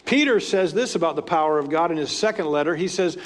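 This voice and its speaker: A man with a high voice preaches to his congregation in a loose, conversational way, slipping in casual asides as he retells scripture. His words ring out with a long reverb, as in a large church hall. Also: animated, quick pace. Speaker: pastor. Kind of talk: sermon.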